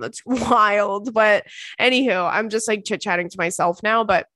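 A loose, chatty woman in her thirties talks casually as a show host, rambling and swearing freely. Her voice sits at a middling pitch. The sound is dry and close, with no room echo. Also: fairly quick, a bit bright. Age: 30s. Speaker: podcast host answering listener emails. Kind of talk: casual chat.

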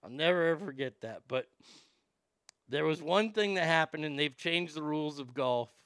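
A man casually telling a profane, animated anecdote and often laughing as he talks. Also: fairly high pitch, normal speed, smooth, no echo, clean studio sound.

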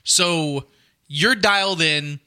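A man with a piercingly bright, slightly high voice talks emphatically on a casual podcast. He tells his stories with energy. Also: slow pace, clean tone. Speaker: podcast co-host.

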